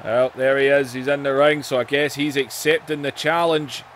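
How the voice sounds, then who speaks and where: A man doing excitable play-by-play commentary over a wrestling video game, his voice going hoarse, shouting out the moves and often saying "man". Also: mid-range voice, normal speed, a little hiss or hum.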